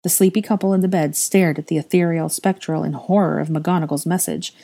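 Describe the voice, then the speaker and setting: A woman narrating a fan fiction audiobook in a steady, even storytelling manner. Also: sits low, a little fast, gravelly.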